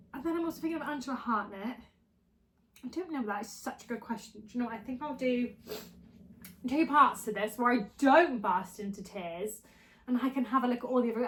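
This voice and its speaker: A woman's voice: fairly high pitch, fairly bright tone, a little hiss or hum. A young woman talking casually to camera at home, chatty and openly emotional as she answers viewer questions. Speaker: lifestyle vlogger.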